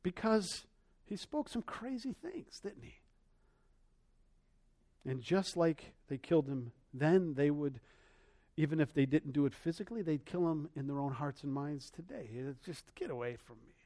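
A man preaching a sermon as pastor, animated, swinging between loud passages and soft ones, acting out the voices he quotes. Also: on the high side, unhurried.

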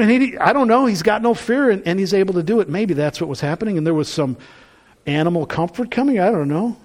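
Animated high-voiced male preacher. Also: quick pace. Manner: conversational preaching, rising to emphatic bursts. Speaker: pastor. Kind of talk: sermon.

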